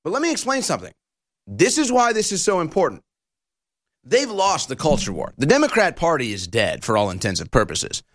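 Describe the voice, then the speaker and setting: A man's voice: fairly high pitch, huge pitch swings, a little fast, fairly bright tone, no echo, clean studio sound. A man hosting a political commentary show, ranting in a combative, insulting and heated way.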